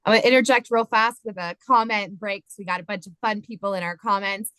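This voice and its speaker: A woman's voice: mid-range voice, fairly even intonation, quick pace, a bit bright, smooth, dry recording. A woman hosting a live-streamed spiritual discussion, chatty and upbeat as she reads out viewer comments. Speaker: host.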